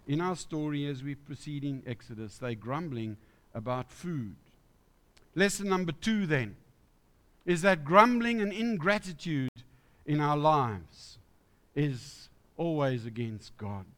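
A man's voice: on the high side, fairly bright tone. A man preaching a conversational sermon in church, asking the congregation questions. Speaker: pastor.

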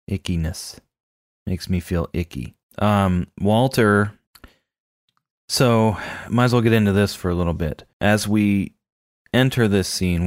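A man co-hosting a casual chat about a film, animated and laughing often. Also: sits low, no room sound, clean studio sound. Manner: animated, laughs often, acts out quoted lines. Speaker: film podcast co-host.

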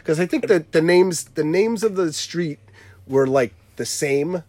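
A man's voice: fairly high pitch, animated, a little slow, darkish tone, dry recording. A man in his thirties telling a story in casual chat, rambling and correcting himself as he goes, often breaking into laughter. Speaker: podcast co-host telling a story.

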